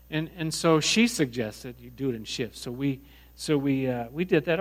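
A middle-aged pastor preaches a sermon by telling a personal story, conversational and animated with many restarts. His voice is mid-range and his pace moderate.

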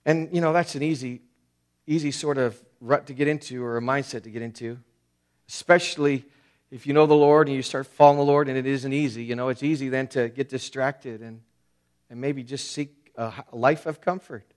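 A man's voice: medium pitch, steady tone, fairly quick. A man preaching an expository sermon, emphatic and conversational, with frequent fillers and restarts. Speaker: pastor.

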